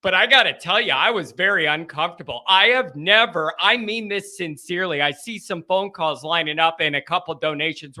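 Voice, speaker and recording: A man hosting a sports fan live stream, talking in a casual, animated and joking way. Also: sits high.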